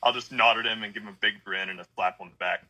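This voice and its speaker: A man's voice: on the low side, steady tone, fast talker, bright, forceful tone, poor audio. A man playing in a tabletop game, describing his character's actions in an easygoing way. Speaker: player.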